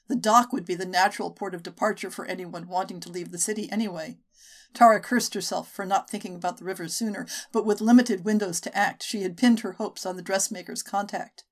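A woman narrating a short story for a podcast in a measured, steady way. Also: lowish voice. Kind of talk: audiobook narration.

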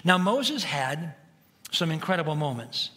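A middle-aged man preaching in a church. His voice sits high and sounds bright and forceful, and he moves from quiet, intimate moments to loud, rousing shouts. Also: very animated, measured pace. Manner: conversational preaching, swings from hushed to shouting. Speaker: pastor. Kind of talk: sermon. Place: church sanctuary.

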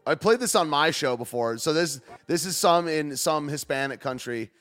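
A male host talking his way through news clips in a loose, slangy ramble. His voice sits a bit high and moves up and down with lively swings. Faint music plays under him. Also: moderate pace. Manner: rambling, laughs often, loose slangy talk. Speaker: show host. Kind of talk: casual commentary on news clips.

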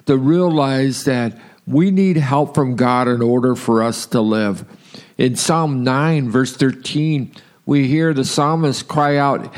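A man from Southern California giving an earnest devotional sermon, slowing down to read scripture aloud. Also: medium pitch. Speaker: preacher.

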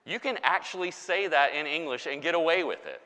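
A man preaching as a pastor, giving a sermon with animated, playful emphasis. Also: on the high side, fairly quick, slight background noise. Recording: long hall reverb.

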